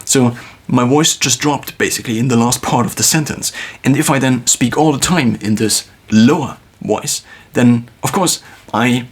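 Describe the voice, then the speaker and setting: A man thinking aloud in a reflective solo monologue, musing with pauses and restarts, recorded on a phone. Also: medium pitch, breathy edge. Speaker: video creator.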